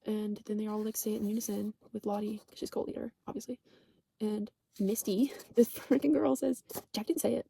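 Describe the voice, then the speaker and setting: A woman's voice: mid-range voice, flat delivery, brisk, gravelly, mellow, slight background noise. A woman casually recapping a TV show for her channel, rambling, swearing and saying "like" constantly while she corrects herself.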